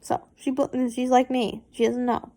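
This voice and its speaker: A late-teen young woman reads fanfiction aloud at a slow, halting pace, her voice sitting fairly high. She stumbles, restarts and breaks into embarrassed, giggly asides. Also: little pitch movement, dark tone. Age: late teens. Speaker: fanfiction reader. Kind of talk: amateur reading of fanfiction aloud.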